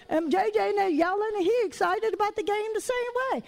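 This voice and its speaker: Woman preacher, high voice, chatty and animated, calls out to the congregation. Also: brisk, hardly any pauses, rough recording. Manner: animated, conversational storytelling with call-outs to the audience. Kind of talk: sermon.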